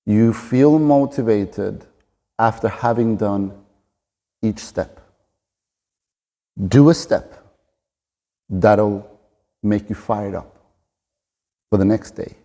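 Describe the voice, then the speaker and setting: A man's voice: fairly low pitch, vocal fry, dark tone. A man in his forties giving an earnest, encouraging motivational talk to camera as a fitness coach. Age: 40s. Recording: long reverb of a large room.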